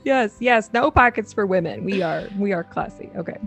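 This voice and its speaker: A woman's voice: medium pitch, lively intonation, moderate pace, gravelly, a bit bright, faint music behind. A young adult woman co-hosting a podcast in casual chat, laughing often. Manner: chatty, laughs often, reads quotes aloud dramatically. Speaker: podcast co-host.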